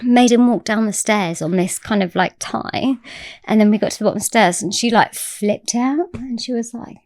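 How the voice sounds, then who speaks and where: A woman guest on a podcast telling a story in casual chat, animated and swearing freely. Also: fairly high pitch, moderate pace, dry recording, clean studio sound.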